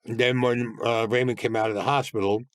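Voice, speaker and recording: A man's voice: mid-range voice, flat delivery, fairly quick, dry recording. An older man, a guest telling blunt, streetwise stories full of profanity. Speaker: interview guest. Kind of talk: casual storytelling.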